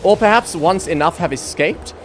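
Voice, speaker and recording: A man's voice: sits high, normal speed. A man giving wry, self-mocking commentary over a video game. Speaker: gaming YouTuber. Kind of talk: casual gameplay commentary.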